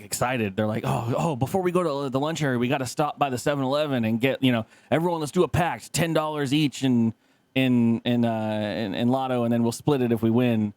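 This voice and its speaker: Man, podcast co-host, casual storytelling, swears a lot, mid pitch, dry sound. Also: dry recording. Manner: rambling, laughing, swearing, acts out quotes.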